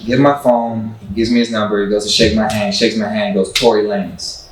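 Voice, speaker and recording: A man's voice: lowish voice, fairly even intonation, fairly quick. A man telling stories as an interview guest in a laid-back, slangy way, swearing casually. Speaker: photographer and musician guest. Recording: echoey room, far from mic, faint music.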